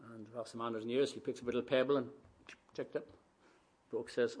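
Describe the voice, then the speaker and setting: An older man preaching a sermon, who swings from quiet asides to loud, emphatic declarations and acts out both sides of imagined dialogues. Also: mid-range voice, fairly even intonation, normal speed, pauses often.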